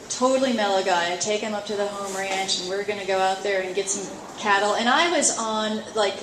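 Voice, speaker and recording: A middle-aged woman coach teaching a live seminar at a horse expo, chatty and lively, acting out her inner thoughts. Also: medium pitch, normal speed, background noise. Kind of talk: live talk to an audience. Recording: roomy echo, faint ambience.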